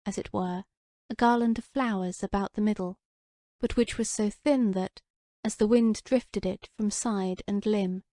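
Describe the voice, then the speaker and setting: A woman narrates an old romance audiobook at an even, measured pace. Her voice is mellow and warm, with a dry, close sound. The reading stays steady and unhurried. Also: medium pitch, dry recording.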